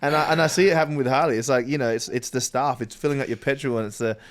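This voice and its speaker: A man's voice: medium pitch, fairly even intonation, rapid-fire. An Australian man from Western Australia, a footballer guest telling stories in casual chat and laughing often. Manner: chatty storyteller, laughs often.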